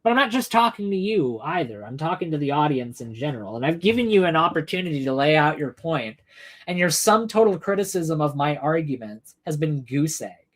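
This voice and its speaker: A woman with a lowish voice rants heatedly on a livestream. She swears constantly, throws sarcastic jabs and calls out commenters by name. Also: very animated, fairly quick. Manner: angry, profane, sarcastic, addressing commenters by name. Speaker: livestream host answering chat. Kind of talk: heated political rant.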